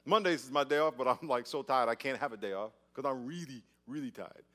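A man's voice: mid-range voice, a little fast. A male pastor preaching a sermon, telling stories with acted-out scenes, often repeating and restarting his words. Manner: animated storytelling, acts out scenes.

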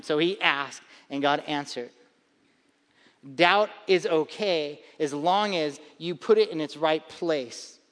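High-voiced pastor preaching in a hall. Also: male voice, fairly bright tone. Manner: conversational, emphatic preaching with repetitions. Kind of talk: sermon.

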